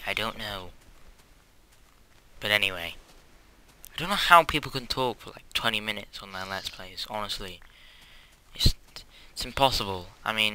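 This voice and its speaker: The recording is poor, but the lowish voice comes through bright, forceful and smooth: a young man rambling through a Let's Play in a quiet house at home. He's hyperactive and self-deprecating, with sudden squeals and whispered asides throughout his casual commentary.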